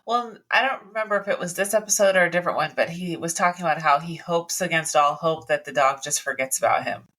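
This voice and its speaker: Bright-toned woman podcast co-host. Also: lowish voice, quick pace, hardly any pauses, rough recording. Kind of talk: casual chat.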